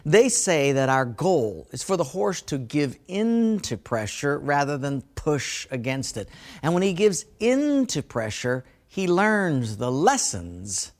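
A man's voice: on the high side, big pitch swings, slow. A man preaching a sermon as a pastor, telling folksy stories and laughing at his own jokes.

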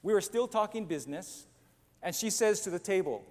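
Guy preaching, tells funny stories on himself, kinda high voice, echo hall. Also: lively intonation, a little fast, a little mellow. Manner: storytelling, acts out other voices, self-deprecating humor. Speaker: pastor. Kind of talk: sermon with a humorous personal story. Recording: long church reverb, faint noise.

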